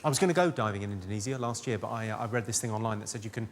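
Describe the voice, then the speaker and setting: A man doing stand-up comedy, delivering deadpan one-liners and bantering with the crowd in a large theatre. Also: fairly low pitch, rapid-fire, heavy background noise. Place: large theatre with live audience. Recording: loud audience laughter behind.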